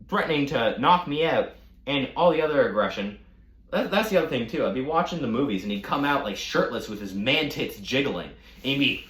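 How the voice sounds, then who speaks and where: Brief: casual male vlogger, mid pitch, mocking, profane, roomy echo. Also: expressive, fast, fairly bright tone. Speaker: storytime vlogger. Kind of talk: casual storytelling rant.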